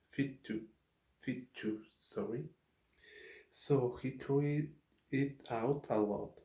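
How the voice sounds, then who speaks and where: A man whose first language is Spanish, hosting his channel and reading a novel aloud as an ASMR read, careful and halting, often correcting himself. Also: mid-range voice, dark tone, echoey room.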